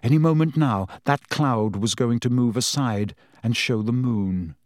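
This is scripted audiobook narration of a novel by a man with a mid-range voice, told in an even, measured manner. The recording is dry and studio-clean.

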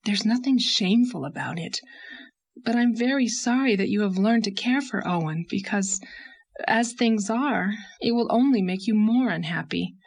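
A woman reading an audiobook, voicing a gentle, sensible young woman who soothes a friend in an earnest tone. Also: mid-range voice, expressive, normal speed, vocal fry, pitched above the performer's own voice. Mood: soothing. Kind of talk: audiobook character voice.

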